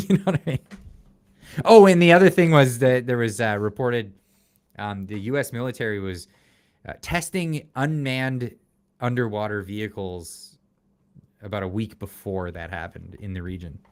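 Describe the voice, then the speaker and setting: A man hosting a casual livestream chat, talking in an animated, sarcastic way and laughing often. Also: medium pitch, normal speed. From Canada. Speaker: show host.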